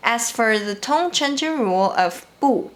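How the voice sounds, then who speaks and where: A woman teaching a language lesson, explaining each rule carefully and repeating example words slowly. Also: a little high, expressive. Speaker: Mandarin teacher. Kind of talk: slow, clear language lesson narration.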